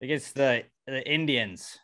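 A man's voice: mid-range voice, unhurried, a bit bright. A young man co-hosting a podcast, chatting loosely and jokily with lots of fillers. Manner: loose, rambling, jokey delivery with frequent fillers. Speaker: podcast co-host. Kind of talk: casual podcast banter.

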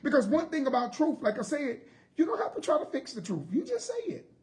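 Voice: high-pitched, lively intonation, quick pace. A Bible study teacher preaching emphatically, repeating key phrases, asking rhetorical questions and drawing words out for stress.

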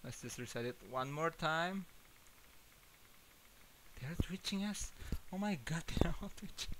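A man's voice: on the high side, expressive, unhurried, a bit bright, slight background noise, poor audio. A man streaming a horror game, jumpy and nervous, laughing and muttering to himself.

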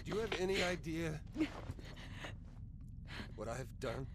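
An actor playing a bitter, desperate male scientist in a game, shifting between quiet and intense lines. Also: fairly high pitch, expressive, a little slow, noisy background. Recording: game audio over music.

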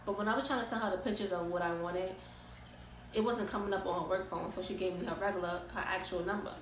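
A young woman in casual, slangy storytime vlog style, recounting events in an animated way. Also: fairly low pitch, quick pace, slight background noise. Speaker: vlogger. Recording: roomy echo, distant mic.

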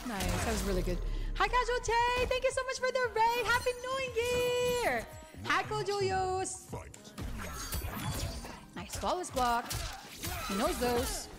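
A woman with a high, lively voice that swings widely in pitch, commentating her own fighting-game match for a live chat. She swears freely and trash-talks, and game music plays underneath. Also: slow pace, long pauses. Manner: excitable, profane, trash-talking chat. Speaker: game streamer. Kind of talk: live gameplay stream commentary. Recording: game music audible behind.

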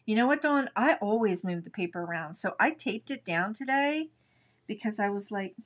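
A woman's voice: mid-range voice, animated, normal speed. A middle-aged woman hosting a live watercolor painting tutorial, chatting and thinking aloud as she works. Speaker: art instructor.

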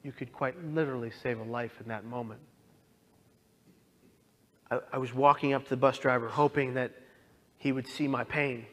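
A young man earnestly telling his own story as a talk, moving from quiet to impassioned. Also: medium pitch, fairly even intonation, moderate pace, long pauses. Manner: earnest, swings from hushed to impassioned. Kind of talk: personal testimony talk.

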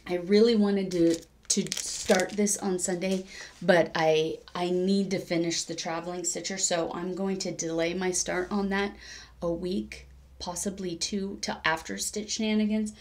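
A woman with a lowish, steady voice chats unhurriedly on her cross-stitch vlog. She rambles, corrects herself as she goes, and laughs often.

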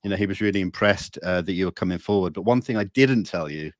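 A man hosts a live interview over a video call. His voice is very deep and sounds dry and close. He talks in a relaxed, friendly way. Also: fast, dry recording. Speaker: host.

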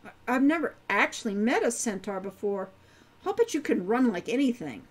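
A woman reading as a curious teenage girl adventurer in a storybook, casual and eager. Her voice is high and bounces lively through each line. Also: moderate pace.

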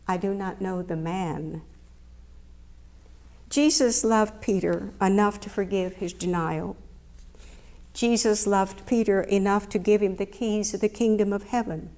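A middle-aged woman delivers a sermon with a measured, emphatic cadence. She repeats key phrases for stress, and her voice sits at an ordinary middle pitch. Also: a little mellow. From United States. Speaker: preacher.

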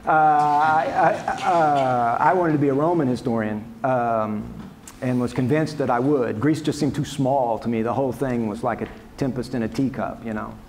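A male historian fielding questions from a lecture audience, at an ordinary middle pitch. He talks in a loose, wry, conversational way, restarting sentences and tossing in asides. A faint hiss sits under the voice. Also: moderate pace, darkish tone. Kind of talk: lecture Q&A answers. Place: lecture hall.

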